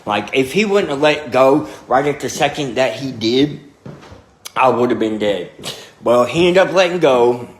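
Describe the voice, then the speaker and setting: A man's voice: mid-range voice, lively intonation, measured pace, slight background noise. A young man telling a story in a blunt, profane, rambling way, repeating fillers. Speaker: storyteller recounting his past. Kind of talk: casual storytelling to camera.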